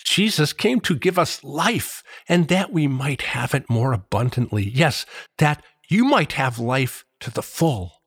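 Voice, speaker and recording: A man giving a slow, earnest Catholic devotional reflection, reading scripture verses aloud. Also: mid-range voice, sing-song, husky, no echo, studio quality. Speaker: Catholic preacher.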